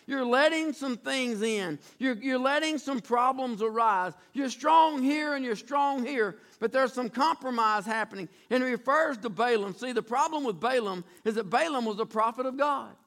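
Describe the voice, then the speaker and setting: A male preacher giving an animated sermon, retelling a story with emphatic repetition. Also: extremely high pitch, moderate pace, hardly any pauses.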